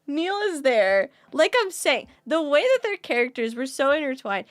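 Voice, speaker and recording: High-voiced laughing young woman streamer. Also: moderate pace, few pauses, no room sound, clean studio sound. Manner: animated, laughs often, swears. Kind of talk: casual chat.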